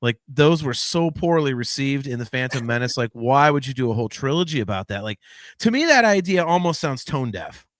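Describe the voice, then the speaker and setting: Animated, rambling podcast host, a man. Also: medium pitch, fairly quick, dry recording, clean studio sound. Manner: rambling, many restarts, animated. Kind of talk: casual chat.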